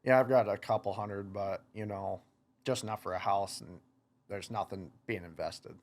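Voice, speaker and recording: A man's voice: fairly low pitch, fairly even intonation, moderate pace. Laid-back young man rambling through a story. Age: 20s. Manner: rambling, many "like" fillers, quoting himself. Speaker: guest, motocross racer. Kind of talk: casual podcast storytelling.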